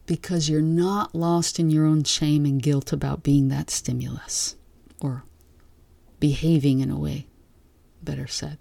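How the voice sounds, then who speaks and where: A woman giving a slow, gentle, reflective teaching talk with long pauses. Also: low-pitched, steady tone, creaky, no echo. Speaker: meditation teacher. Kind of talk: dharma talk.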